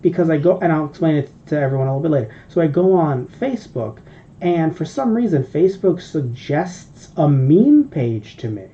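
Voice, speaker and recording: A man's voice: on the high side, expressive, normal speed, dark tone. A man co-hosting a podcast, telling a long, rambling, profane story in casual chat. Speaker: podcast co-host. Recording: dull lo-fi podcast audio.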